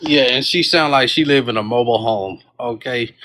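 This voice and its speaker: A man's voice: medium pitch, normal speed, a bit bright. A man calling into a livestream, arguing politics in a combative, slangy, taunting way. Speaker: caller on a livestream. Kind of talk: heated political debate.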